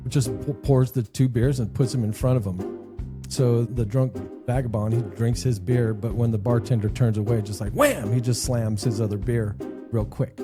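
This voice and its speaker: A man's voice: mid-range voice, steady tone, normal speed, music in the background. A man co-hosting a podcast, telling a rambling joke and leading casual chat. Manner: rambling storyteller, laughs at own jokes. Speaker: podcast co-host.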